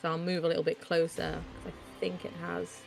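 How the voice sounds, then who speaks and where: A woman's voice: lowish voice, completely flat delivery, fairly quick, vocal fry, over music. A woman playing a tabletop game, thinking aloud about her turn and giggling often. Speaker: player.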